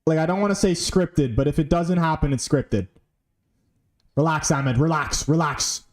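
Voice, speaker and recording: A man reacting live to a football match, excitable and pleading, swearing often, in a fan watch-along. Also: fairly high pitch, normal speed. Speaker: fan streamer.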